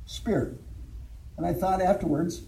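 A man's voice: high-pitched, fairly even intonation, a little slow, gravelly, mellow, rough recording. Folksy older man giving church testimony. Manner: folksy storytelling with chuckles. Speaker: former alcohol counselor giving testimony.

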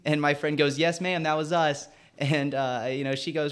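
Smooth-voiced young man telling a story. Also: fairly high pitch, steady tone, normal speed, a bit bright. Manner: laughing as he tells a story. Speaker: guest. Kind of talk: storytelling in an interview.

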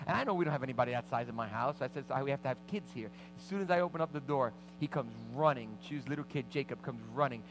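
Animated pastor telling a story. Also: male voice, mid-range voice, fast talker, few pauses, music in the background, poor audio. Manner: animated anecdotes with vivid quoted voices. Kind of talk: sermon storytelling.

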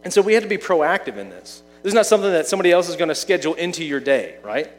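A man delivers a sermon in an easygoing, conversational tone, often asking his listeners questions. His voice sits a little on the high side. The sound carries a long reverb, as in a large hall. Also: big pitch swings, rapid-fire. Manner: conversational preaching with rhetorical questions. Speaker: pastor.

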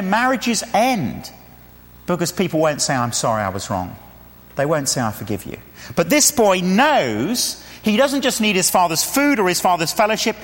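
English male preacher, high lively delivery with many questions, echoing church hall. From England. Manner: animated storytelling with rhetorical questions and acted-out quotes. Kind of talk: sermon.

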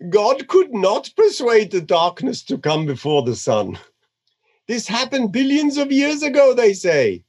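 A man putting on an Indian accent to voice a male guru, reading slowly and deliberately with stressed words. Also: high voice, huge pitch swings, darkish tone, pitched above the performer's own voice, exaggerated voice. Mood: solemn. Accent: put-on Indian.

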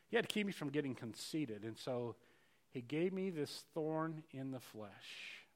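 A middle-aged male pastor preaching a sermon earnestly, repeating words and swinging between loud rises and quiet passages. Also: medium pitch, expressive, measured pace.

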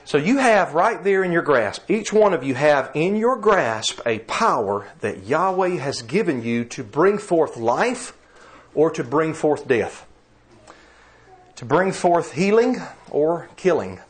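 A man preaching a sermon, earnest and emphatic, slowing down to read scripture. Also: fairly high pitch, very animated.

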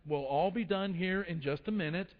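A man playing a calm, patient young father who talks quietly and soothingly. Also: high-pitched, normal speed, close to an everyday voice. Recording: echoey hall, dull lo-fi sound.

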